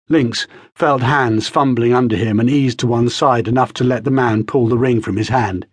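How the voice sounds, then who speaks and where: A man narrates an audiobook in a measured, vivid storytelling manner. His voice has a husky texture at a middle pitch. The close studio recording is dry. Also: fairly even intonation, no room sound. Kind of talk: scripted narration.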